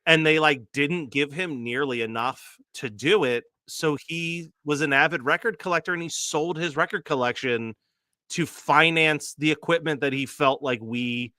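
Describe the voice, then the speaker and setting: A man's voice: fairly high pitch, normal speed, sharp tone, no echo, clean studio sound. A man in his late thirties, co-hosting a casual chat and telling a long story full of fillers and laughs. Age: late 30s. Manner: rambling storyteller, many fillers, laughs often. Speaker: co-host.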